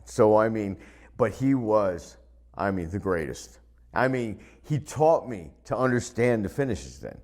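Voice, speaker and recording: Low-voiced man with self-deprecating stories. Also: measured pace. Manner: animated, self-deprecating anecdotes. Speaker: pro wrestler. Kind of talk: casual interview storytelling.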